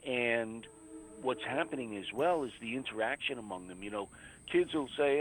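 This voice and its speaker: A man's voice: medium pitch, fairly quick, a little hiss or hum, rough recording. A man who coordinates a local anti-drug alliance, talking earnestly as a radio guest, with many "you know"s and "uh"s. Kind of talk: casual radio interview.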